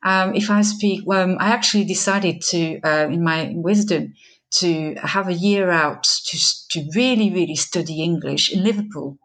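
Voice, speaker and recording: A woman's voice: fairly low pitch, normal speed, a bit bright. A woman from southwest France, a teacher with a French accent whose first language is French, telling stories in a podcast interview. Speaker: teacher, guest.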